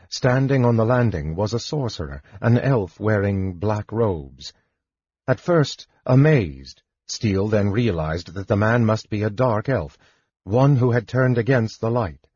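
Slow, husky male audiobook narrator. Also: on the low side, darkish tone, no room sound. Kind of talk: scripted narration. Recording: dull lo-fi recording.

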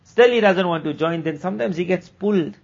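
A man giving a conversational sermon as a religious teacher, moving between plain explanation, acted-out dialogue and quick recitation of scripture passages. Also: sits high, creaky, slightly rough. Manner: conversational, acts out quoted dialogue. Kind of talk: sermon at a weekly gathering. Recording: dull lo-fi recording.

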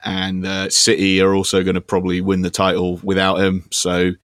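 A man's voice: sits low, completely flat delivery, normal speed, fairly bright tone, dry recording, studio quality. A man co-hosting a podcast, chatting casually and hesitantly with many ums. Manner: rambling, hesitant with many ums, reads facts aloud. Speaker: podcast co-host. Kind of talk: casual chat.

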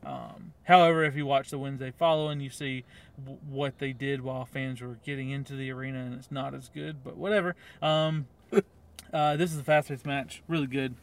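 A man's voice: mid-range voice, fairly even intonation, moderate pace, gravelly. A man co-hosting a wrestling podcast, chatting casually and rambling with lots of ums and little laughs. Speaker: podcast co-host. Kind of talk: casual chat.

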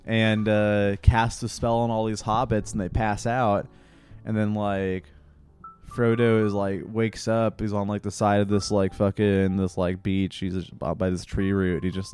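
A man's voice: lowish voice, little pitch movement, normal speed, a little mellow, faint music behind. A man hosting a casual podcast, rambling with lots of fillers and profanity. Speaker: podcast host. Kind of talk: casual chat.

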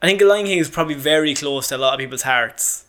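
Man, high pitch for a man, podcast co-host, casual movie chat, jokey banter, frequent laughter, reads headlines. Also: fast, fairly bright tone. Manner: reads news headlines aloud.

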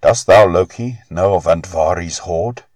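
A man voicing a grave, measured elder male god who speaks in solemn, archaic words, in a storybook reading. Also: deep voice, darkish tone, no echo.

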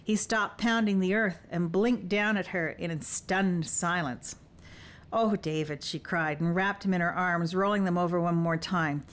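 A woman narrating an audiobook in a measured, expressive reading. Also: fairly low pitch.

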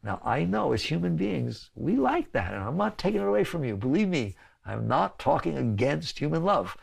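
Man, gravelly, spiritual teacher, conversational talk, laughs between points. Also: a little high, sing-song, moderate pace. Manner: conversational, keeps asking "right?" and "okay?", laughs often.

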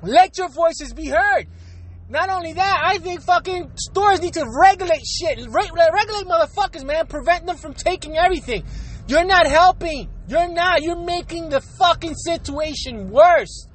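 A woman's voice: very high voice, normal speed, a little hiss or hum. A woman delivering a profane, exasperated solo rant, firing off rhetorical questions. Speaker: vlogger.

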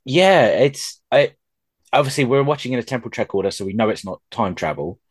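A man's voice: mid-range voice, lively intonation, brisk, husky, dry recording. Rambling man on a dry mic. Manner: rambling, self-deprecating, many ums and restarts. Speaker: podcast host. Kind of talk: casual podcast chat.

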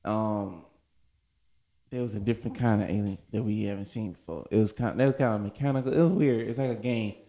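A man's voice: lowish voice, fairly quick, warm tone. A man hosting a casual group chat, loose and rambling as he pushes a question on his friends.

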